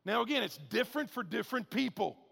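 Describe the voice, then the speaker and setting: A male pastor preaching a sermon with a high, bright voice full of gravelly fry. He keeps it conversational, punches points with near-shouts, then drops into low, quick asides. A long reverb from a big hall trails each phrase. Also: animated.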